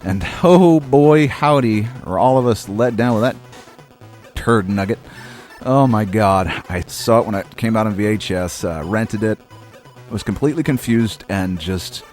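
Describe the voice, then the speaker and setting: Soft music plays behind a Maine man in his thirties as he hosts a casual retro game playthrough at a moderate pace. His voice sits lowish, and his rambling commentary is wry and profane.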